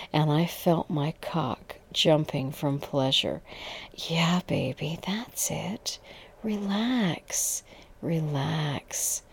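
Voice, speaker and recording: Low, slow-reading woman narrator. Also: gravelly, darkish tone. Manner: intimate, slipping into whispers. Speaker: storyteller. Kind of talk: erotic audio story narration.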